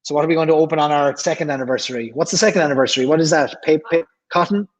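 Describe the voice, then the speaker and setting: Irish guy chatting on a livestream, bit higher voice, reads out comments, repeats himself a lot. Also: steady tone, racing, low-quality recording. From Ireland. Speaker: livestream host. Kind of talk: casual livestream chat reading comments.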